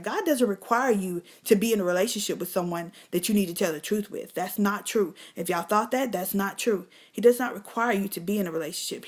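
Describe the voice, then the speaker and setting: A middle-aged woman hosting a live stream, telling a personal story candidly and bluntly, with lots of cursing, and talking straight to her viewers. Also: medium pitch. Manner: blunt, emphatic, profane, addresses viewers as y'all.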